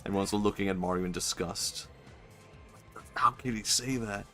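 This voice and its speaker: A male streamer riffing on a game in casual commentary, joking around and breaking into laughter, with the odd swear. His voice sits fairly low, with faint game music playing underneath. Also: normal speed, pushed and bright.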